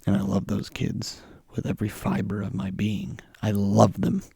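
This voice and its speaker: A young man with a hoarse voice from a cold, ranting bluntly in a solo podcast monologue. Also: fairly low pitch, level tone, normal speed, mellow, dry recording. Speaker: podcast host.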